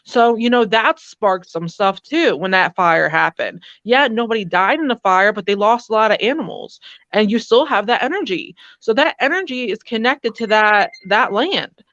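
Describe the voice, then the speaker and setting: A woman's voice: mid-range voice, animated, moderate pace, fairly bright tone. A woman speaks earnestly in a casual live-stream chat, thinking aloud and pressing her points home. Her voice sounds a little dull and lo-fi, recorded dry with no room echo. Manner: earnest, reflective, emphatic. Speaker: paranormal investigator.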